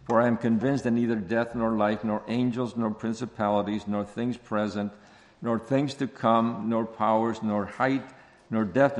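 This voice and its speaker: A man preaching an expository sermon, speaking slowly and deliberately and repeating key phrases for emphasis. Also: on the low side. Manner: slow, deliberate preaching with stressed repetitions. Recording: long hall reverb.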